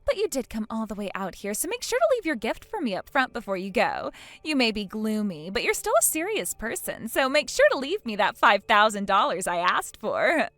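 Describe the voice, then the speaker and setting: A woman's voice: fairly high pitch, sing-song, fairly quick, fairly bright tone, no echo. A woman voicing an arrogant young bride who mocks and dismisses her old friend. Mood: mocking. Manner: sneering and haughty, breaking into mocking laughs. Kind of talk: dramatized text-message story.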